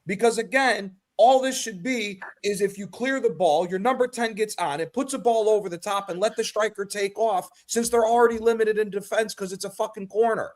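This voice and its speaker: High-voiced man ranting angrily. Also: a little fast, hardly any pauses. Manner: angry, swears constantly, blunt. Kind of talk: heated call-in football rant.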